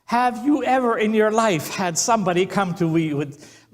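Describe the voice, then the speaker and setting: Higher-voiced male preacher telling stories. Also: animated, moderate pace. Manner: storytelling, acts out quotes. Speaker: pastor. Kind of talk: sermon.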